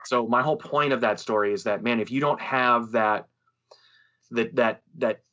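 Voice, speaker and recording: A man on a podcast telling a story in a lively, casual way, swearing and acting out what others said. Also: mid-range voice, normal speed, highs cut off. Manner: animated storyteller, swears freely, acts out quoted voices. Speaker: podcast co-host, musician.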